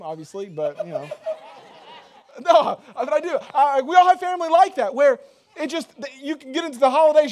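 A man preaching a sermon in a loose, conversational way, joking and full of fillers. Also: sits high. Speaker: pastor.

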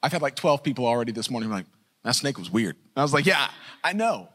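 A man preaching a sermon, telling a funny story with lively jokes, then turning quiet and earnest. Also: mid-range voice, fast talker. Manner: animated, joking, builds to shouting then drops to a hushed earnest tone. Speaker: pastor.

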